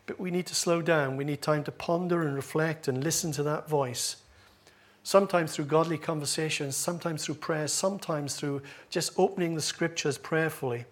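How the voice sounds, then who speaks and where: With a voice on the high side and a steady tone, this man talks at normal speed. He's a pastor delivering a sermon in church, joking at his own expense while the congregation laughs in the background.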